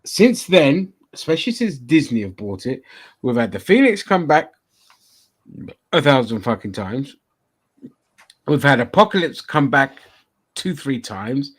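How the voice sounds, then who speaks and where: A man with an ordinary mid-pitched voice hosts a loose open-forum chat. He swears freely and rants bluntly, piling up complaints in long runs of casual talk. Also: sing-song, measured pace, pauses often. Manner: profane, blunt ranting. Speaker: podcast host.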